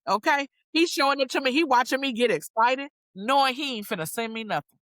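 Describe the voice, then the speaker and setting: An animated woman tells her story in loose, slangy talk, swinging her pitch high whenever she gets excited and acting out every quoted line. Her voice sits at a middle pitch, and the recording is dry and close with no room echo. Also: moderate pace. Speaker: guest singer-songwriter. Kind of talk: casual storytelling chat.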